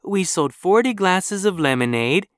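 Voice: mid-range voice, lively intonation, measured pace, dry recording, lightly acted. A storybook reader voicing Katie, a cheerful, eager young girl who talks in an upbeat, encouraging way. It is recorded close and dry.

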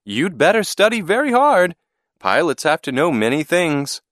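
A man doing a caring mother, pushed up high in pitch and lively. Gentle and warm-spirited, recorded dry and close. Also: moderate pace, no room sound. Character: friendly woman, the boy's caring mother.

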